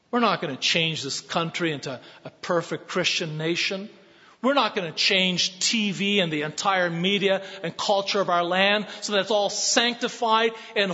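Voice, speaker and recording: A man preaching a sermon as pastor, earnest and building to emphatic shouts. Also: sits high. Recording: dull sound with long hall reverb.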